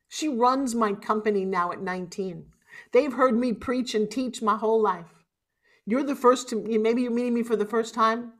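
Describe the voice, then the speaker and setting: This is a middle-aged woman delivering a motivational keynote from the stage, her voice pitched a little above the usual for a woman. She talks in an animated, emotional way, pushing some lines out loud and dropping others to a hush, and at times she is close to tears. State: tearful at times. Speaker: motivational speaker. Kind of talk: live motivational keynote speech.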